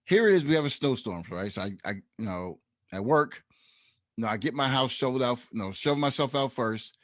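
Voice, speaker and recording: A man's voice: medium pitch, fairly quick, dry recording, clean studio sound. A man co-hosting a casual podcast, telling stories with frequent laughs and getting heated when annoyed. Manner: storytelling, laughs often, animated when annoyed. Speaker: podcast co-host.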